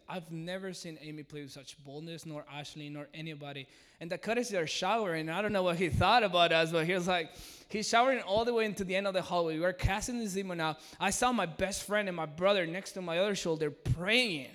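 A man telling an excited testimony, acting out what he and others said, and his voice sits fairly high for a man. His voice rings with the long reverb of a large hall. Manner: excited, retells with quoted dialogue. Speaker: mission team leader. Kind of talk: animated testimony.

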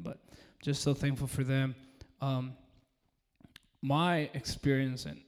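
A man from Peru telling the church an animated testimony, getting loud and excited. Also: medium pitch, gravelly. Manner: excitable, swings into loud exclaiming. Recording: reverberant church hall.

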